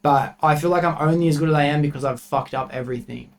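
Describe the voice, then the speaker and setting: A young man, a podcast guest telling work stories in a casual, animated way full of swearing. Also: a little high, fast talker. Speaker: podcast guest, refrigeration tradesman.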